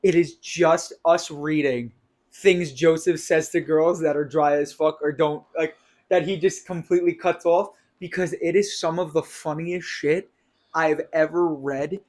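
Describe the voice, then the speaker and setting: A man's voice: on the high side, fairly even intonation, measured pace, a little mellow. A young man with a New York accent, co-hosting a podcast, bantering in slang and laughing often. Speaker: podcast co-host. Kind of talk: casual chat.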